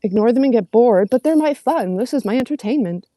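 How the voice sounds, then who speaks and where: A woman's voice: fairly high pitch, expressive, brisk, warm tone, dry recording. A young woman, livestreaming and reading out comments in casual, sarcastic, profane chat. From Canada.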